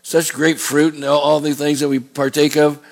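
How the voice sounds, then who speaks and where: A man's voice: fairly high pitch, flat delivery, moderate pace. A male pastor preaching a sermon in a folksy, digressive and earnest way. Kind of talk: sermon with scripture reading.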